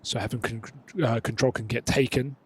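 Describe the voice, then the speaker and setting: A man's voice: mid-range voice, steady tone, fairly quick, husky. A man giving brash, hyped play-by-play commentary on an esports match over a headset mic. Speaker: esports caster.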